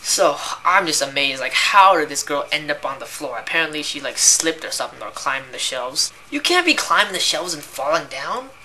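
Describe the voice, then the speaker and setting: A woman's voice: low voice, expressive, brisk, hardly any pauses, bright, forceful tone, slight background noise. A young woman who works as a cashier, ranting in a casual, rambling way about annoying customers and filling her talk with "like" and "right?". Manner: exasperated, rambling, heavy use of "like" and "right?".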